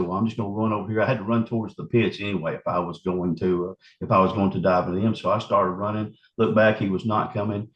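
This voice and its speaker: Guy telling his story, lowish voice, kinda muffled roomy audio, lots of restarts. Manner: halting, vivid retelling with many restarts. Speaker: eyewitness recounting an encounter. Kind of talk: storytelling interview.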